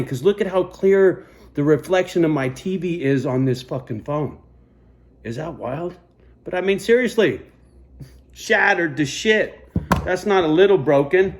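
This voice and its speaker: Filming himself on a phone, a man tells a rambling story as an animated rant packed with profanity. His pitch is fairly high.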